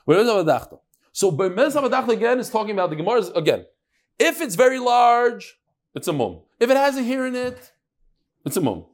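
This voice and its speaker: High-voiced man teaching Gemara. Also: very animated, brisk. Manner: reads Aramaic then explains in English with jokes. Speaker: Talmud teacher. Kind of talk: Gemara class explaining text.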